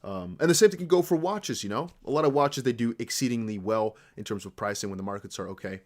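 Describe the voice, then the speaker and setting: Crypto streamer, male, from the Netherlands, near-American accent, lively swinging delivery, loose off-the-cuff chatter. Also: medium pitch, fast talker. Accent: American-sounding English with slight Dutch traces. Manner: rambling, animated, talks to chat. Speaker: crypto livestream host. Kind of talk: casual livestream chat.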